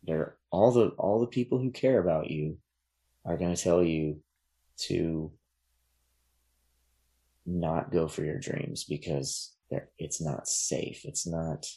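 Man, very low voice, podcast guest, loose rambling chat, lots of ums. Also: slow pace, long pauses, husky. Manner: relaxed, rambling with many fillers and restarts. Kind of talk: casual interview chat.

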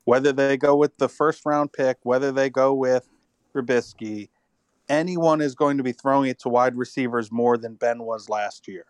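A man's voice: medium pitch, fairly even intonation, normal speed, clear, resonant tone, no echo. Tired man rambling about football. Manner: rambling, thinks aloud with restarts. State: recovering from illness, tired. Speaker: podcast co-host. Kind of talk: casual sports chat.

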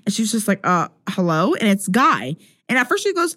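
A young woman co-hosting a podcast, excitedly retelling a novel's plot in casual chat with lots of filler words. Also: a little high, fast. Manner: excitable storyteller, heavy "like" filler, acts out quotes. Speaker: podcast co-host.

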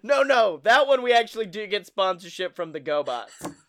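A man's voice: high voice, lively intonation, normal speed, pushed and bright. A man hosting a casual podcast chat, joking and riffing with profanity. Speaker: podcast host.

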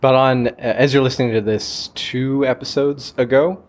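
A man hosting a coffee podcast who steers the chat along in a relaxed way. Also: medium pitch, normal speed. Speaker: podcast host.

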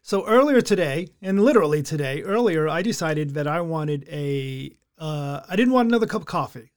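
Man, high-pitched for a male, casual co-host, plainspoken and profane. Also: lively intonation, moderate pace. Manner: blunt, swears freely, explains with examples. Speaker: podcast co-host. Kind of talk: casual chat.

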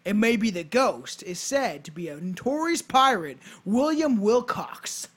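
High-pitched male podcast host, casual, reads notes with swearing asides. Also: big pitch swings, measured pace, fairly bright tone, husky. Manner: reads facts aloud with offhand swearing asides. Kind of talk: casual chat reading history notes. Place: hot home basement.

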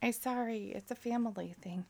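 A woman co-hosting a casual podcast chat, excitable and quick to laugh, swearing freely as she talks. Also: on the high side. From Colorado, USA. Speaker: podcast co-host.

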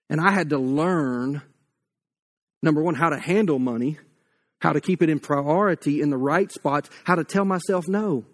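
A man's voice: fairly high pitch, normal speed. A man preaching a blunt, conversational sermon with humor, likely in his thirties, acting out quoted voices along the way. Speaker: pastor.

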